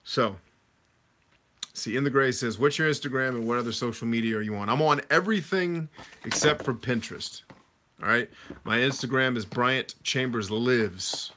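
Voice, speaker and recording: A man hosting a casual livestream, reading viewers' comments aloud and answering them in a relaxed conversational way. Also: medium pitch, moderate pace, slight background noise. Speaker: livestream host answering chat.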